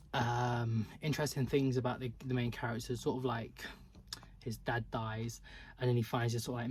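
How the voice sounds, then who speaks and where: A man's voice: mid-range voice, a little hiss or hum. A man reviewing books in a casual vlog, blunt and catty, chatting with lots of fillers. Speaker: book reviewer.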